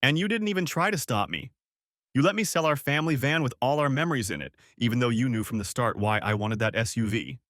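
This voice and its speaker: A man's voice: medium pitch, lively intonation, fast talker, a bit bright, no room sound, natural voice. A man voicing a distraught wife who pleads with her husband, lifting his voice a little for her, in a dry close recording. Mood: hurt. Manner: pleading, hurt.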